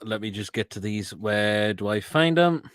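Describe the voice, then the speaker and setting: A man with an English accent hosting a casual live stream, reading out viewer comments, swearing freely and laughing loudly. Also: on the low side, expressive, normal speed, no room sound. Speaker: show host.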